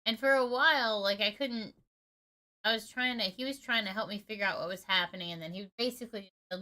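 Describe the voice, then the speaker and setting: Blunt, bright-voiced woman telling a story. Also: mid-range voice, animated, normal speed, long pauses. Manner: candid and blunt, swears freely. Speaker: gaming streamer. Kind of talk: casual storytelling.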